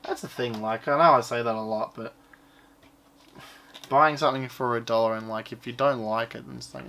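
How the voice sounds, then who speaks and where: A man talks through his haul in a loose, rambling way, offhand and now and then swearing. His voice sits at an ordinary middle pitch, with a faint hum of room ambience behind him. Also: steady tone, normal speed, creaky, pushed and bright. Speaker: collector showing his purchases. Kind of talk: casual unboxing chat.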